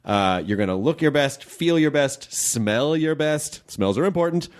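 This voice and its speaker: A man's voice: on the high side, expressive, unhurried. Playful jokey male podcast host. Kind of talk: casual podcast chat and ad reads.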